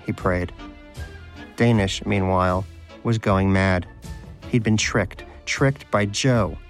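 A man narrating an audiobook in a dry, wry storytelling manner. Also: fairly low pitch.

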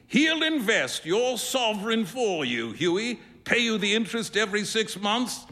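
A man's voice: sits high, sing-song, measured pace, bright, forceful tone, pitched above the performer's own voice, heavily acted. A man voicing a jovial young painter who teases his friend with hearty laughter. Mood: laughing. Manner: hearty, laughing, mock-French asides. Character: jovial, teasing male painter, young adult.

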